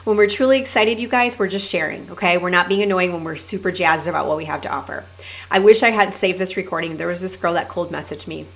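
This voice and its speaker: A young adult woman hosting a solo podcast, coaching her listeners in an energetic, emphatic way and often calling them "you guys.". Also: fairly low pitch, fast talker, creaky. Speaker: podcast host and network marketing coach.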